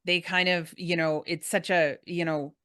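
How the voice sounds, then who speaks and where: A woman's voice: lowish voice, level tone, unhurried, fairly bright tone, no room sound, studio quality. A woman hosting a business podcast, chatty and easygoing as she builds on her guest's points. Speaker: podcast host. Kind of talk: casual interview talk.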